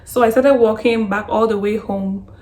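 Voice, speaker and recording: A woman's voice: a little high, normal speed. Young woman telling a story on her vlog. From Canada. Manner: lively retelling full of "like" and acted quotes. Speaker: vlogger.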